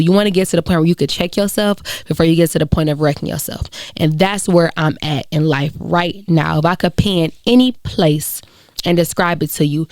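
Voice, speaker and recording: Earnest woman podcast host, smooth low voice. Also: darkish tone, dry recording, studio quality. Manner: earnest, encouraging, conversational with many fillers. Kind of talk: reflective solo podcast talk.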